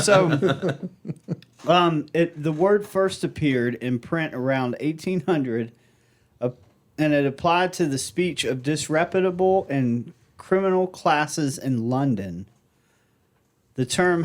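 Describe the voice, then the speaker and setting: An American man co-hosting a casual podcast chat, who laughs a lot and reads items out from a list. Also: medium pitch. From United States. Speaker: podcast co-host.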